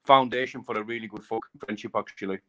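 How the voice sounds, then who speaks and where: A man's voice: fairly low pitch, fairly even intonation, fast talker, fairly bright tone. A man, a bare-knuckle fighter, chatting casually and rambling, repeating himself and saying mate a lot. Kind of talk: casual live chat.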